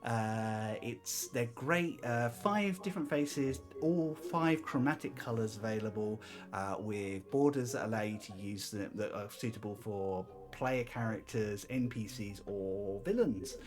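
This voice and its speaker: A man hosting a tabletop game stream, chatting and plugging his work in a relaxed, laughing way with lots of ums. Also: lowish voice, unhurried, music in the background. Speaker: host. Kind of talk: casual outro chat with plugs.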